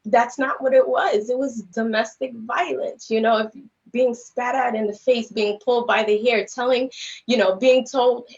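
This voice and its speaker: On a podcast, a woman guest earnestly retells a personal story, rambling and sprinkling in plenty of "you know" and "like." Her voice is on the high side and a little mellow, with a steady tone at normal speed. The livestream audio is lo-fi and slightly dull.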